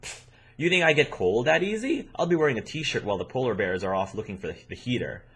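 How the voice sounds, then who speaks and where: A brash, boastful young rocker guy, read by a man in his own voice, swinging his pitch around with swagger. Faint music plays behind. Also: animated, quick pace, fairly bright tone, slightly rough. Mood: cocky. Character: cocky young male rocker.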